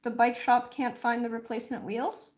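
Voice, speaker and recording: A woman's voice: on the high side, level tone, darkish tone. A woman hosting a casual livestream, chatting and telling stories with lots of "like" fillers. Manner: chatty, frequent "like" fillers, storytelling; slow, thoughtful explaining. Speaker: livestream host.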